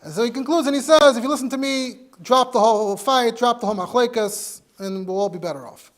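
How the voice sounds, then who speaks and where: A man's voice: very high-pitched, a little fast. A man, a rabbi, teaching a halacha class in English. He explains sources step by step and mixes in Hebrew and Yiddish terms. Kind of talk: Torah lecture.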